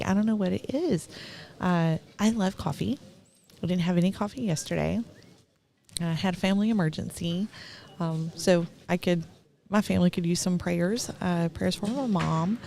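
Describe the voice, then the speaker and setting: A woman's voice: fairly low pitch, normal speed, creaky, mellow. A middle-aged woman with a Texan accent giving rambling, talkative live commentary at an event, laughing between thoughts.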